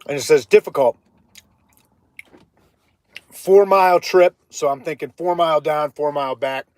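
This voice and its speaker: A man from Ohio telling a hiking story on a casual live stream, chatty and animated, breaking off to greet viewers. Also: on the high side, fast, no room sound. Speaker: livestreaming vlogger.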